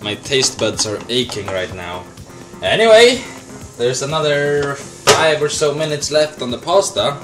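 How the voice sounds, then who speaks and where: A man's voice: medium pitch, expressive, a little slow, music in the background. A young man hosting a casual improvised cooking demo, rambling goofily between steps. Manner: goofy, rambling, slips into silly voices and chants. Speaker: cooking show host.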